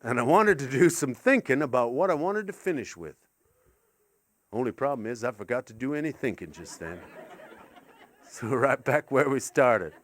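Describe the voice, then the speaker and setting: A middle-aged man performing a rambling stand-up set, excitable and sweary, with sudden yelps. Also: mid-range voice, moderate pace, a little hiss or hum. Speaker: stand-up comedian.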